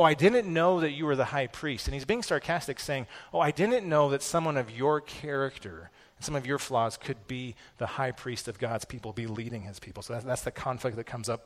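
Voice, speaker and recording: A pastor giving a sermon in a casual, conversational way, with self-deprecating personal stories. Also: male voice, mid-range voice, big-room sound.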